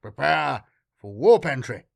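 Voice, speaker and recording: A man plays a tense starship officer who delivers slow, clipped commands. The voice sits in an average pitch and sounds close and dry, as in an audiobook. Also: animated, vocal fry, a bit bright, no room sound, heavily acted. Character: tense male starship officer giving orders.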